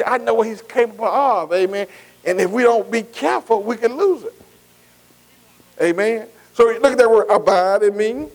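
A man's voice: extremely high pitch, low-quality recording. A man preaching a sermon, repeating phrases and calling out to the congregation. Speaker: pastor.

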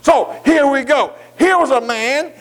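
A man preaching a sermon, reading scripture slowly and drawing out the words, then asking his congregation questions and repeating phrases for emphasis. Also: very high voice, a bit bright. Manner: slow, drawn-out reading of scripture.

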